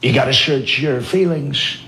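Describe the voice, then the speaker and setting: A man's voice: mid-range voice, a little slow, pushed and bright. A man doing a comedy impression of a boastful, rambling villain father.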